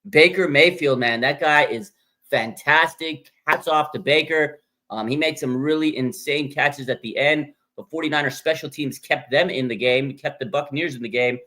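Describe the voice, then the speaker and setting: A man's voice: on the high side, normal speed. A man hosting a live fan reaction show, talking emphatically, repeating points and using lots of fillers. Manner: animated, emphatic, repeats himself, frequent fillers. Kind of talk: live sports reaction talk.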